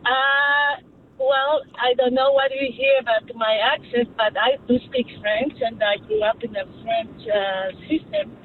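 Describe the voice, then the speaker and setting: A woman's voice: high voice, steady tone, a little slow. A woman calling in to a radio show, speaking English with an accent, hesitant and full of filler sounds. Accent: non-native English. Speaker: caller. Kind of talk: phone-in chat. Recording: tinny phone line with faint vehicle noise.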